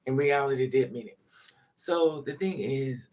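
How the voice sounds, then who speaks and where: At a moderate pace, a woman with a very deep, darkish voice confides a personal story on camera. She swears freely, goes over the same points again and again, and becomes emotional in her casual, rambling account.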